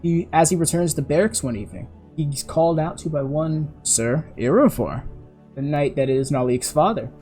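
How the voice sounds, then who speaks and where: Brief: male game master, mellow voice, casual rambling tabletop narration. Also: on the high side, normal speed, soft background music. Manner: casual storytelling with a self-correcting ramble.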